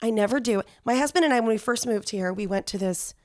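A woman's voice: on the high side, darkish tone. Supportive woman chatting casually. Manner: supportive, agreeable, quick to laugh along. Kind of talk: casual chat.

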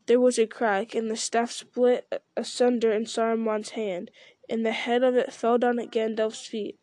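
A woman reads a novel aloud in a steady, even way, now and then tripping and restarting a word. Her voice is fairly high yet mellow, with little rise and fall. The sound is dry and close. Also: moderate pace, no room sound. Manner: steady reading with small slips and restarts. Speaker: reader.

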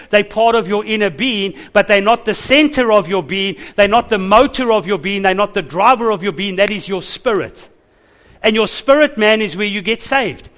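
A man preaching a sermon as pastor, animated, laughing and calling out to the congregation. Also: high-pitched.

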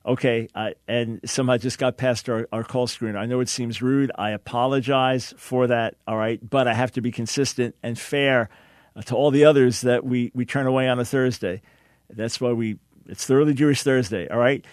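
A man hosts a call-in radio talk show in an earnest, emphatic manner, often repeating a word as he begins a sentence. His middle-pitched voice has fairly even intonation and a moderate pace, recorded in a dry, close studio with no room sound.

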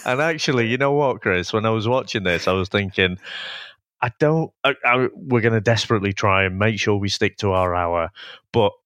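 A man talks casually as a podcast co-host, laughing often and restarting his sentences. His voice sits low. The sound is dry and close to the mic. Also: brisk, a bit bright, dry recording. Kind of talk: casual film review chat.

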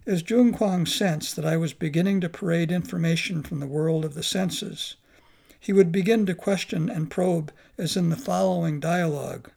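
A man narrating a memoir in a measured, reflective reading. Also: on the high side, creaky, a little mellow.

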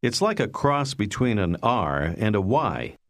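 A man narrating a language lesson in scripted instructional style, calmly prompting the listener to repeat. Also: fairly low pitch, a little slow. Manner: calm, patient, prompting the listener.

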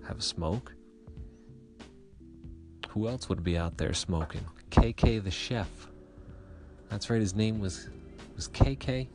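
A man telling a rambling, profane comic story with chatty asides. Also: low voice.

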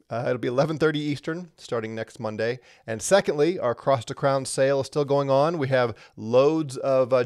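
Animated man teaching Scripture. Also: mid-range voice, no echo, clean studio sound. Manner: conversational and animated, with frequent fillers and emphatic stresses. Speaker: Bible teacher. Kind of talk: livestreamed Bible lesson.

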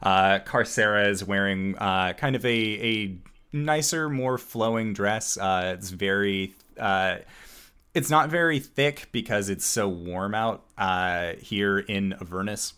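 A man narrating a tabletop game as game master, halting often with filler sounds. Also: lowish voice, sharp tone, clean tone.

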